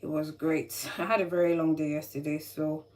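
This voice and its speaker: A woman's voice: low-pitched, level tone, normal speed, a little mellow. Chatty Nigerian woman, tired, mic at a distance. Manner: chatty, earnest, advice-giving, wordy and repetitive. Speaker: cooking vlogger. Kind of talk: casual chat while chopping vegetables. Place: home kitchen. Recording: distant mic, faint background noise.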